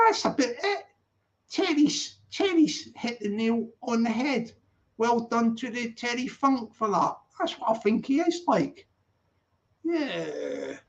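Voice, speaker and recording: A man hosting a casual live stream, reading out viewer comments and rambling in a jokey, slangy way with lots of restarts. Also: high-pitched. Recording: muffled lo-fi audio.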